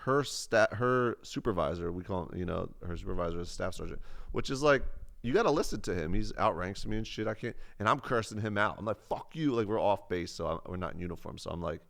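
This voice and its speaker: A man's voice: low voice, gravelly, a bit bright. A man on a livestream telling a rambling, profane, self-mocking story from his past.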